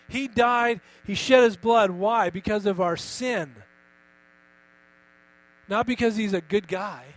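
Guy preaching a sermon, kinda high voice, really emphatic, keeps asking the congregation stuff, hum in the back. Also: low-quality recording. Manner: emphatic, asks the congregation questions. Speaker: pastor.

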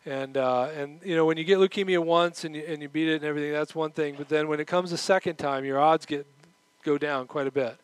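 Animated male preacher, dry close sound. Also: fairly high pitch, fast, clean tone, no echo, low-quality recording. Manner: animated, acts out quoted voices; moves around while preaching. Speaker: pastor. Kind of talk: sermon.

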